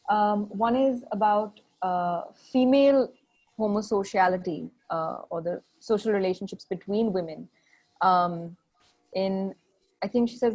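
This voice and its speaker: A woman's voice: medium pitch, a little mellow, muffled recording. A woman moderating an online panel, loosely relaying an audience question.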